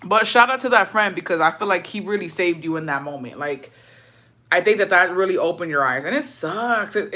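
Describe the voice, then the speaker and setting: Woman host, casual chatter, low and sharp-toned, full of slang and swearing. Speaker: host reading viewer stories. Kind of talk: casual chat and story reading.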